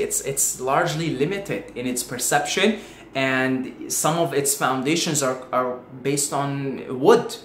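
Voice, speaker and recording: Animated man in an echoey room. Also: mid-range voice, takes it slowly. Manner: animated storyteller acting out his own panic. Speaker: spiritual video host. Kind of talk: casual spoken monologue. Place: at home. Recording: echoey room, faint background hiss.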